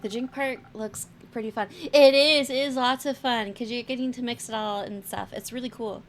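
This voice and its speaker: A woman streamer reading game dialogue aloud in a playful, gentle manner on a live stream. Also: fairly high pitch, fairly even intonation, fairly quick, slight background noise.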